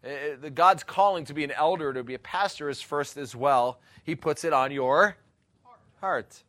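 Pastor, male, fervent and rambling, crisp bright tone, dry close sound. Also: on the high side, moderate pace, no echo. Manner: earnest, rambling, breaks into laughter and exclamations. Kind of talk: teaching talk on missions.

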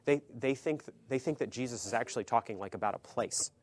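A man teaching a sermon in a conversational way, swinging between emphatic, loud phrases and hushed, low asides, often checking in with his listeners. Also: quick pace. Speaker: pastor or Bible teacher.

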